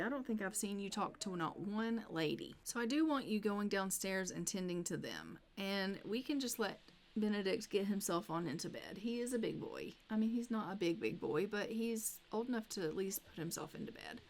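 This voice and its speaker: A woman's voice: medium pitch, expressive, moderate pace, few pauses. Chatty woman narrating a life-sim game. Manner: chatty, talks to her game characters. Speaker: gameplay narrator. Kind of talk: casual let's-play commentary.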